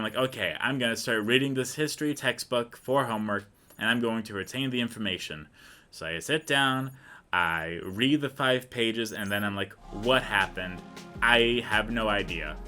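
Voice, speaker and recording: Young male let's-play host, bright tone, goofy rambler, jokes at his own expense. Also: mid-range voice. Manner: rambling, self-deprecating, goofy asides. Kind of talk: casual gameplay commentary.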